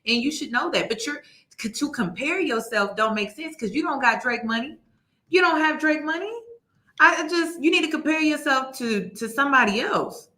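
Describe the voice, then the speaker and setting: A woman's voice: sits high, animated, normal speed, bright, forceful tone. Incredulous woman host in an echoey room. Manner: incredulous, mocking, emphatic. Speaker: commentary host. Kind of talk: reaction commentary.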